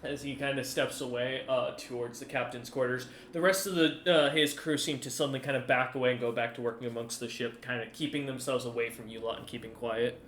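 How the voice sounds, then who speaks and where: A man's voice: mid-range voice, steady tone, fairly quick, hardly any pauses, fairly bright tone, reverberant, slight background noise. A man narrating as game master of a tabletop game, rambling with restarts. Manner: rambling, many fillers and restarts.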